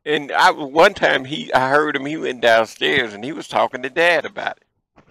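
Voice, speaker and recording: A man in his fifties hosting a show, telling childhood stories in a folksy, animated way. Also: mid-range voice, moderate pace, creaky, dry recording, rough recording. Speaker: show host. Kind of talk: storytelling childhood memories.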